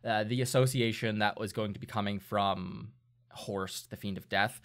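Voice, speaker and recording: As game master and co-host of a casual podcast chat, a man speaks at a normal speed in a fairly low, fairly bright voice with fairly even intonation. He's upbeat and rambling, using lots of fillers.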